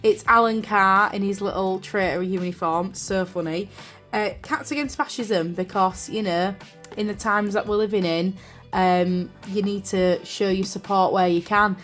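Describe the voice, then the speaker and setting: A young woman with a British accent talks casually and rambles, full of fillers and apologies. Her voice sits at a middle pitch. Soft music plays faintly behind her. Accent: British English. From United Kingdom. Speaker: journaling vlogger. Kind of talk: casual chat. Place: craft room indoors. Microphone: camera on a desk stand.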